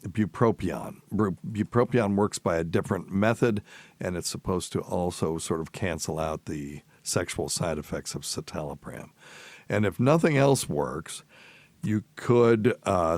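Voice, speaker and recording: A man's voice: deep voice, dry recording. A man hosting a medical call-in radio show, answering questions casually and correcting himself as he goes. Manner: thinks aloud, corrects himself. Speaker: radio show doctor host.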